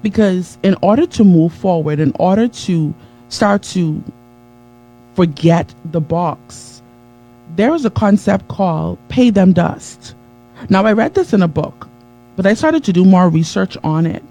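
Mellow-voiced woman giving an emphatic pep talk. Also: lowish voice, lively intonation, unhurried, soft background music, rough recording. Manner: emphatic, preacher-like, greets viewers mid-talk. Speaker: motivational speaker. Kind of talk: live-streamed motivational talk.

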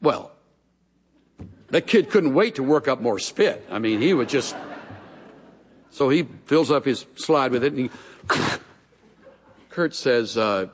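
A man's voice: medium pitch, animated, slow, pauses often, husky. A male pastor preaching a sermon, telling stories with folksy humorous asides in a large church hall. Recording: long reverb of a large hall.

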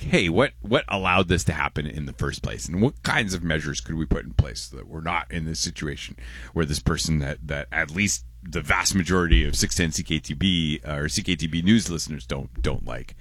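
A young man, hosting call-in talk radio, quick and loose as he reads listener texts aloud. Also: extremely low pitch, fairly bright tone, dry recording. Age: young adult. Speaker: radio host. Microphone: close studio microphone.

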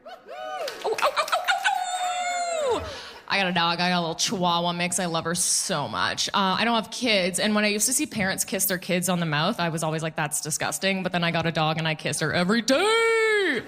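A woman in her thirties performing a stand-up comedy set on a club stage, animated and quick to mimic people in her stories. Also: lowish voice.

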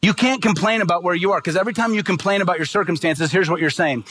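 A man's voice: high voice, quick pace, few pauses, fairly bright tone, breathy edge. A middle-aged man preaching a sermon as pastor, earnest and emphatic, asking the congregation rhetorical questions.

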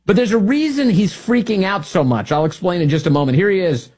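A man's voice: high-pitched, a little fast, a little mellow, breathy edge. A man hosting a talk radio show, delivering sarcastic political commentary and laughing at his own jokes. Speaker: radio host.

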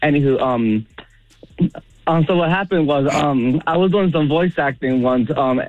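A man's voice: a little high, a little slow, no echo, faint music behind. A man in his twenties calling in to a radio show, flustered and giggly as he tells his story over the phone. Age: 20s. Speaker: caller. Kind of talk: telling a story on a call-in show. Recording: tinny dry phone line.

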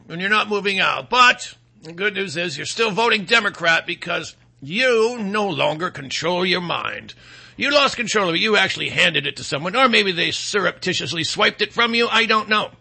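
A man's voice: high-pitched, creaky, pushed and bright. A middle-aged man hosting a political commentary monologue, sarcastic and mocking, rambling with fillers and restarts.

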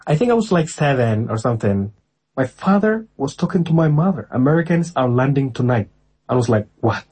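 Guy in his 30s, husky voice, recalling his childhood all animated and emphatic. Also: medium pitch. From Somalia. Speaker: documentary interviewee. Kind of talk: personal recollection.

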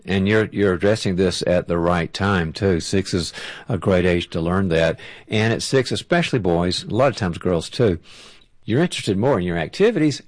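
A man's voice: low voice, darkish tone, no room sound. A man, a parenting author, giving direct and practical advice on a talk show and acting out what a parent would say. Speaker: parenting author and guest expert.

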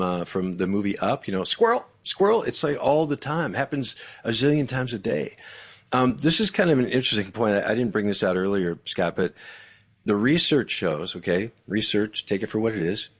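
A man guesting as an author, speaking in an animated, emphatic, preacherly way about faith and communication. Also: lowish voice. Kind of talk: faith-based interview talk.

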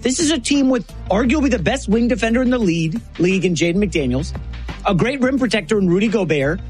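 Chatty, animated sports co-host. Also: medium pitch, soft background music. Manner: chatty, animated, quick to laugh. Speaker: sports talk show co-host. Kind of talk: casual sports talk.

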